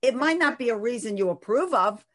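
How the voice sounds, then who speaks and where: A woman's voice: a little high, animated, fairly quick, a bit bright. A woman in a casual conversation who chimes in with agreement and talks about what she tells parents. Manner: agreeable, brief affirmations.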